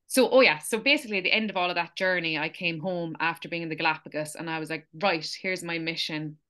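An Irish woman in her young adult years chats through her story as an interview guest, animated and quick to laugh. Her voice sits a little low, yet it comes across bright and forceful. She leans on casual fillers as she talks. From Ireland. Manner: animated, chatty, laughs often, many fillers.

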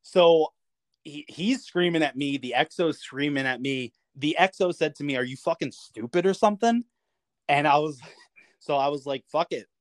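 A man, a navy veteran guest on a podcast, telling a story in a lively, casual way, cursing freely and acting out what others said. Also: on the high side, moderate pace, dry recording. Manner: animated storyteller, swears freely, acts out quoted lines with chuckles. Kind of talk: casual anecdote told in an interview.

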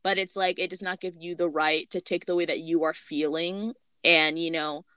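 Female co-host, casual chat; measured, filler-heavy explaining, crisp and bright tone. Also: on the low side, steady tone, dry recording, studio quality. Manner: measured, explains at length with many "you know" fillers.

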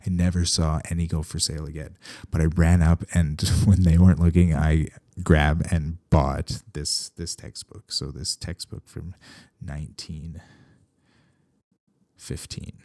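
A veterinarian talking casually and at length, wandering into wry, sarcastic asides. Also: male voice, very deep voice, creaky, darkish tone, dry recording. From Canada. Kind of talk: casual podcast talk.

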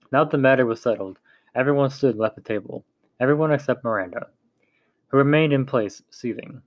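A man's voice: mid-range voice, brisk, dry recording. A man narrating a novel aloud in a plain reading voice with small slips and restarts.

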